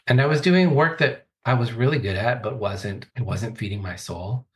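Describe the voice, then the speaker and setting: A man's voice: medium pitch, normal speed. A man in his forties, a coach, telling his life story as a podcast guest in a thoughtful, earnest way. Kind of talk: reflective interview talk.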